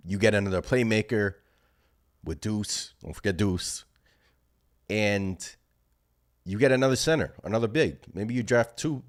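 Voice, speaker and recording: Male fan-channel host, very low voice, excitable and rambling, live reaction stream. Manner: excited, rambling, thinks aloud.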